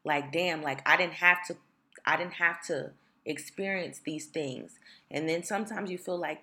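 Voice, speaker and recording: A woman in her thirties hosting a solo podcast in casual chat, her voice rough from just waking up, talking in a rambling way with lots of fillers. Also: deep voice, normal speed, pushed and bright. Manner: chatty, rambling with many fillers. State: raspy morning voice, just woken up. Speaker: podcast host.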